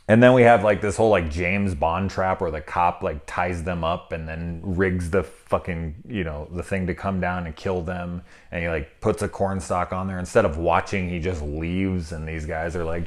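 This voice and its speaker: Deep-voiced man ranting about a movie. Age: 30s. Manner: rambling, profane, sarcastic asides. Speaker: movie review host. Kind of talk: casual spoken movie review.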